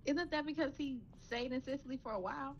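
A woman's voice: high-pitched, quick pace, highs cut off. A woman co-hosting a podcast in casual chat, making short dry wisecracks. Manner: dry, wisecracking, brief remarks. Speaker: podcast co-host.

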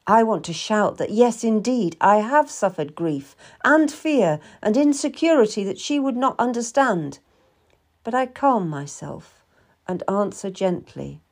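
A woman narrating a historical novel in first person, in a measured, calm storytelling manner. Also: medium pitch.

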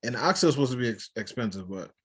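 A man's voice: medium pitch, expressive, very fast, slightly rough. A man co-hosting a casual podcast chat, joking and laughing often in loose slangy banter. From West Indian family. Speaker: podcast co-host.

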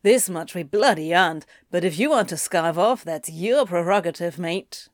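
A woman voicing a cocky, teasing adult male demon in a slow audiobook reading, sly and coarse-mouthed. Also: fairly low pitch, no echo, clean studio sound, close to an everyday voice. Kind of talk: audiobook reading of fan fiction.

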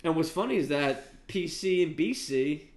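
A man's voice: on the high side, expressive, measured pace. A congested man co-hosting a podcast, rambling casually with many restarts and some swearing. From Long Island, US. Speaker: podcast co-host. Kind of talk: casual chat about fights. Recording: echoey room.

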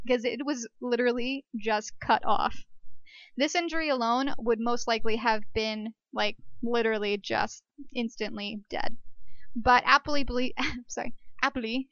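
A woman's voice: on the high side, fairly bright tone, no room sound, highs cut off. A woman hosting an archaeology show, talking casually and joking between facts. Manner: chatty and jokey, self-deprecating asides. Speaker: podcast host. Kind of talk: casual educational monologue.

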